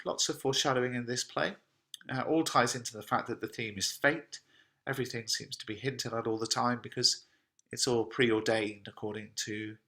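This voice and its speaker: A man's voice: medium pitch, a bit bright. A man, a teacher explaining a play line by line in plain conversational paraphrase. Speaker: English teacher.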